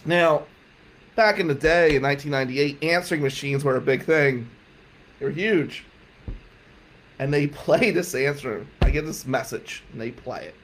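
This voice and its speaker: A man telling a comic personal story, animated, cursing and laughing often. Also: fairly high pitch, normal speed, a little hiss or hum.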